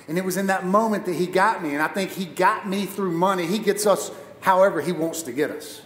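High-voiced male preacher in echoey hall. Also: fairly quick, hardly any pauses. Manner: lively personal storytelling with humor. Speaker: guest preacher. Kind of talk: sermon. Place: church auditorium.

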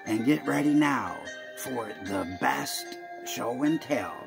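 A man's voice: medium pitch, expressive, slow pace, creaky, over music. A man rambling through a playful homemade video sermon, slipping into pirate talk. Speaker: video preacher.

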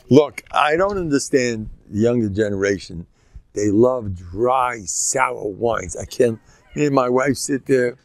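A man's voice: mid-range voice, darkish tone, no room sound. An older man, a rabbi giving an informal Torah talk, folksy and joking, sprinkling Yiddish and Hebrew words and jumping between teaching and banter.

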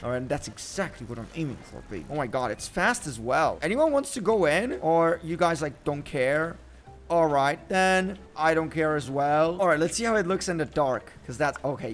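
Young male game commentator, a bit high-voiced, hoarse and screamed-out, excitable and show-offy. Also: moderate pace. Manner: excitable, boastful joking. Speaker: gaming video host. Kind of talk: casual let's-play commentary.

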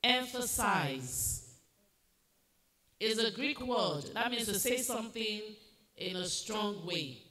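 A bright-voiced woman pronounces words slowly and carefully at a spelling bee, judging spellings and issuing firm instructions. Her voice is mid-range with lively intonation, and the school hall sounds echoey with faint background noise.

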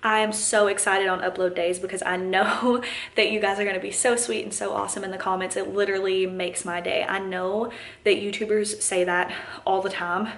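A woman's voice: medium pitch, little pitch movement, brisk, fairly bright tone, echoey room. A young woman vlogging as a mom at home, chatty and candid, a bit tired, laughing often, talking to the camera. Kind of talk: casual vlog chat to camera. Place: home, indoors. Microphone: camera mic.

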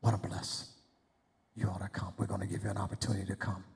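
A man's voice: low-pitched, little pitch movement, quick pace, vocal fry. A preacher man giving an impassioned, pleading sermon invitation in a church sanctuary. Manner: impassioned, pleading, rising to shouts. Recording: echoey church hall.

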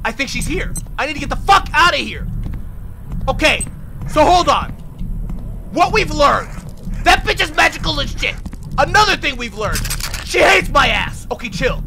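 A man doing excitable, profane let's play commentary on a horror game, yelling at the game and talking to viewers as "y'all". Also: very high voice, normal speed, creaky, long pauses, noisy background. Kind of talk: casual gameplay commentary. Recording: game music loud behind the voice. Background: horror game music.

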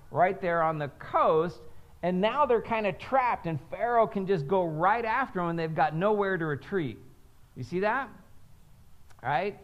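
Male pastor preaching slow, high lively voice, keeps asking right? and gets folks to repeat after him. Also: dull audio. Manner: conversational preaching with frequent "right?" check-ins; has the congregation repeat phrases back. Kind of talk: sermon.

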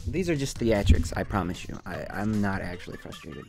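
A man streaming a live game, talking in a theatrical way that swings from low mumbles to sudden yells. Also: sing-song, brisk, creaky, music in the background.

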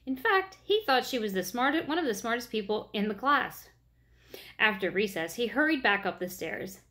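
A woman's voice: fairly high pitch, animated, normal speed, pushed and bright. Woman reading a children's story.

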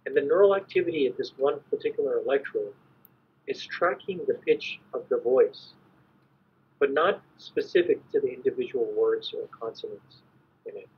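Guy lecturing, very husky voice, dull lo-fi sound, steady and explanatory. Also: mid-range voice. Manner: measured, explanatory, clears throat at times. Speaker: invited conference speaker. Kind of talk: academic lecture. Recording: dull lo-fi recording.

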